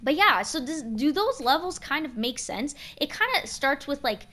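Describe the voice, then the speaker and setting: A young adult woman streaming a game and chatting casually, expressive and slangy, swearing freely. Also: high-pitched, normal speed. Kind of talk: casual chat while gaming.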